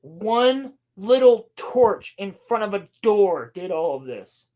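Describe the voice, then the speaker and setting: Mellow and medium-pitched yet very animated, she takes her time as a podcast co-host recapping a show. The casual rant is sarcastic and laced with swearing, with scenes acted out in voices.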